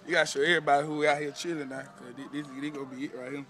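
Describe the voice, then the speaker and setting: A man's voice: a little high, little pitch movement, very fast. A man from Georgia with a rural Southern accent, joking and cutting up with friends in a yard, laughing and swearing freely. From Georgia, USA. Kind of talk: casual joking among friends. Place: yard outdoors with a group. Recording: loud group of friends around.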